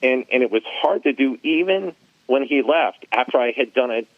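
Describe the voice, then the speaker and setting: Man, animated storyteller, casual podcast chat, tinny phone line, dry sound. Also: mid-range voice, moderate pace, no echo. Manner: animated storyteller, laughs at his own tales. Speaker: former arena announcer, guest.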